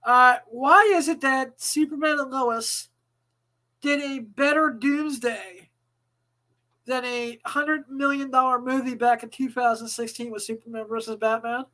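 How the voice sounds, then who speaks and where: Woman co-host, high-pitched, rambling casual chat, foul-mouthed. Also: steady tone, unhurried, pushed and bright, rough recording. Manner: chatty, stumbling restarts, swears casually. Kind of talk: casual live chat show.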